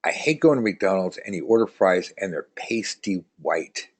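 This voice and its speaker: A man's voice: sits low, animated, normal speed, a little mellow, breathy edge. A man teaching tarot in a casual live online lesson, chatty and joking, reading out viewer comments as he rambles along.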